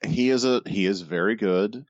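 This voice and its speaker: Deep-voiced, sardonic podcast co-host man. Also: normal speed, dry recording, highs cut off. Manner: profane, sardonic, exasperated griping. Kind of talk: casual chat.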